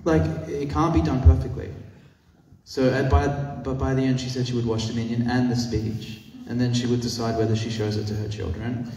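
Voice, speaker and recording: Man, activist lecturing, animated storyteller, mellow tone, roomy hall sound, distant mic. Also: mid-range voice, normal speed, a little hiss or hum. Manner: animated, acts out quoted voices, swears freely. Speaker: animal rights activist teaching a masterclass.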